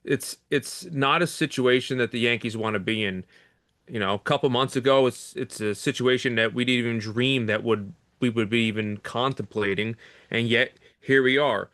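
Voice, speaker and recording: A man's voice: mid-range voice, moderate pace, a bit bright, no room sound, clean studio sound. A man co-hosting a sports talk podcast, frustrated and rambling, swearing casually. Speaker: podcast co-host.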